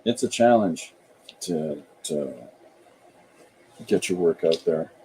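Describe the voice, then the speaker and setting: A man's voice: lowish voice, very animated, slow, vocal fry, dark tone, slight background noise, poor audio. A middle-aged man from Canada, a podcast host and author, chatting casually and thinking aloud with frequent restarts.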